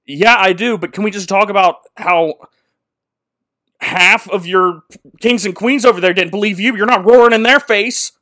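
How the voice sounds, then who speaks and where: A man voicing an indignant male dwarf who complains loudly. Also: high voice, moderate pace, pitched above the performer's own voice. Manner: loud, complaining.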